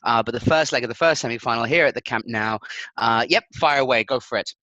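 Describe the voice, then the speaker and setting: A man's voice: mid-range voice, fast, pushed and bright, dry recording, lo-fi sound. A man co-hosting a casual football chat, laughing often and restarting his sentences. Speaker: co-host.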